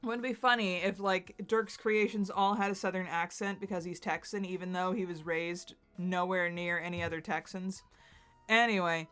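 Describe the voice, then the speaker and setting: A woman's voice: mid-range voice, normal speed, a bit bright, soft background music. A woman reading a webcomic aloud and making chatty, giggly asides. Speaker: webcomic reader. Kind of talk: casual read-along commentary.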